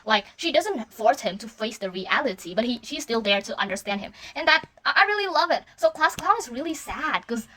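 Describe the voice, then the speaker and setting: High-voiced young woman gushing and screaming. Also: lively intonation, brisk, hardly any pauses, sharp tone, a little hiss or hum. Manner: gushing, swearing, bursts into screaming. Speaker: podcast host. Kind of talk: emotional song lyric breakdown. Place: small room at home, no fans.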